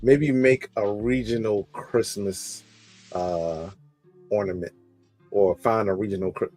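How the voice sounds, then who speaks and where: A man from Maryland co-hosting a podcast in casual chat, laid-back and slangy, often trailing off quietly. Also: on the low side, takes it slowly, soft background music. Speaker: podcast co-host.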